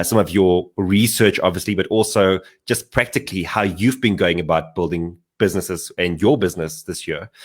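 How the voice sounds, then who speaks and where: Man, deep low voice, podcast co-host, halting, searching for words. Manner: halting, many fillers and restarts. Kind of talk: casual podcast conversation.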